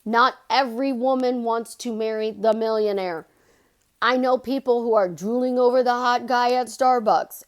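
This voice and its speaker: A woman life coach talking casually to her channel viewers, animated and chatty, leaping up in pitch for emphasis. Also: normal speed. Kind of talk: casual vlog monologue.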